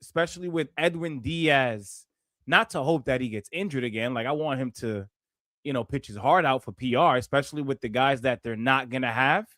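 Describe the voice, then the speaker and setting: A man's voice: mid-range voice, normal speed, a bit bright, dry recording, clean studio sound. A man co-hosting a casual sports podcast, chatty, asking questions and laughing often. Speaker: podcast co-host.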